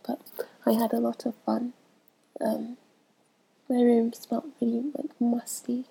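Stuffy and congested from a cold, a young woman answers a questionnaire in a casual, hesitant chat, with lots of ums, frequent pauses and laughs between answers. Her somewhat high voice is monotone, a little slow, gravelly, husky and warm, and the recording is rough.

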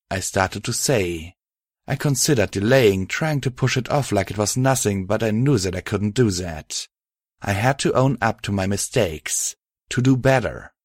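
Man, storyteller, low voice, steady reading, dry close sound. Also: moderate pace, dry recording. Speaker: narrator. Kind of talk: audiobook reading of fan fiction.

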